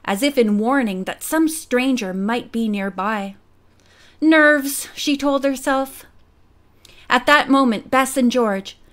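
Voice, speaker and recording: A woman narrating a girls' mystery audiobook in a measured, quiet storytelling manner. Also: on the high side. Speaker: audiobook reader. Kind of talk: scripted narration.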